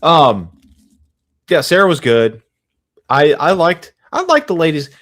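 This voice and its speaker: Male co-host, dry joker who halts and restarts, lively intonation. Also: fairly high pitch. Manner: wry, joking, halting with restarts. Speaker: podcast co-host. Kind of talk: casual livestream movie chat.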